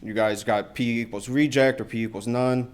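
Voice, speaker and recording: A man's voice: mid-range voice, steady tone, moderate pace. Casual man giving a conference talk. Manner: casual, filler-heavy, many "uh" and "you know". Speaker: conference presenter on email security. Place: university lecture room.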